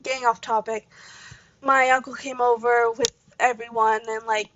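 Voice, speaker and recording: A woman's voice: on the high side, flat delivery, moderate pace, a bit bright, a little hiss or hum. A young woman from Canada hosting a gaming channel, telling a casual story full of fillers and side tangents. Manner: rambling, full of fillers and asides. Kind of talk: casual storytelling while playing a game. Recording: dull lo-fi home mic.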